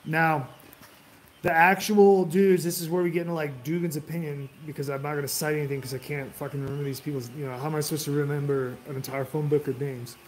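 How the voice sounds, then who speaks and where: Male, casual history talker; rambling, profane, filler-heavy, voice a touch high. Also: steady tone, fast, a little hiss or hum. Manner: loose and profane, heavy filler words, frequent restarts.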